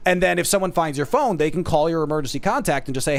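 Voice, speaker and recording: A man's voice: on the high side, expressive, fast, dry recording. A man streaming, telling a long funny story with laughs, addressing his audience as folks. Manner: talks straight to the audience as folks. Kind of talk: casual storytelling.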